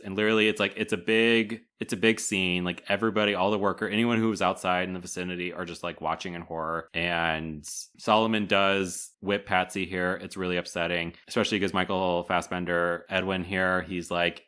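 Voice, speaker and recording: A man with a low, bright-edged voice talks through a film plot in loose, rambling podcast chat. He leans on "like" as filler and breaks into small chuckles. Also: fairly even intonation, brisk, few pauses, smooth. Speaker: podcast co-host. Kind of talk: casual movie recap chat.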